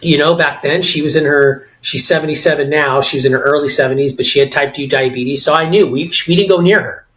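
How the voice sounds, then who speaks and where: A man's voice: on the high side, brisk, few pauses, fairly bright tone, poor audio. A middle-aged man with an American accent, talking animatedly and with firm opinions as co-host of a casual podcast discussion, often restarting his sentences.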